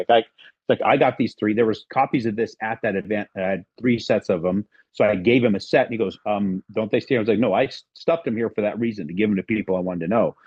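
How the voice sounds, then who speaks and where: With a lowish, breathy-edged voice, a middle-aged podcast guest rambles through a casual story and performs the quoted dialogue of its characters. There's no room sound, and the highs are cut off.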